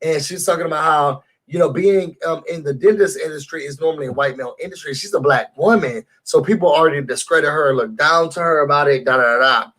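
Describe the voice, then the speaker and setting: High, husky-voiced man ranting. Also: quick pace, few pauses. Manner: animated, talks straight to viewers. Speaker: YouTube show reviewer. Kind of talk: casual recap rant.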